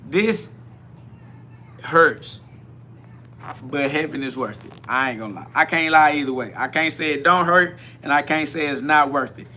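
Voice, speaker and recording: Host, male, bright tense voice, preachy live self-talk, faint background hum. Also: fairly high pitch, normal speed, long pauses. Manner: preachy, repetitive, swings between quiet musing and loud emphatic bursts with laughter. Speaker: podcast host.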